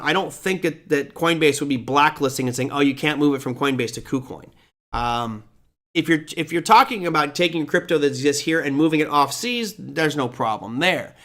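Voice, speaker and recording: A man's voice: fairly high pitch, lively intonation, moderate pace, a bit bright. A man hosting a live trading show, chatting casually as he answers viewer questions off the cuff.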